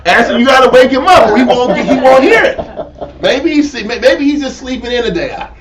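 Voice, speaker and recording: A man with a high voice leads his friends through a Bible passage, cracking jokes and acting out the scenes in a slangy, animated way. He sits some distance from the mic, with the group chatting and laughing around him. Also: a little fast, a crowd in the background. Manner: animated and slangy, acts out scenes with put-on voices, keeps asking "huh?". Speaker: leader of a group Bible reading. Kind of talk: joking casual Bible study talk.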